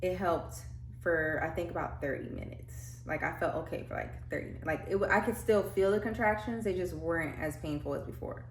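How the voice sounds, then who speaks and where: Low-voiced chatty young woman. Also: fairly quick, slight background noise. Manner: chatty, many "like" fillers, acts out quotes. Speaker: vlogger telling her birth story. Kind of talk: casual storytelling. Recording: echoey room with faint ambience.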